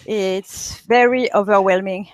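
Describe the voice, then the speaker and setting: A woman from France, talking in a halting way with many fillers in a casual chat. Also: medium pitch, steady tone. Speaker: guest.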